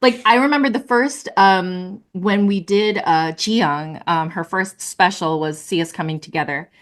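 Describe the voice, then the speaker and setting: A woman puppeteer, a guest on a video-call interview, telling lively stories with lots of laughter and fillers. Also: on the low side, unhurried. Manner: animated, laughing, many fillers. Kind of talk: casual interview storytelling.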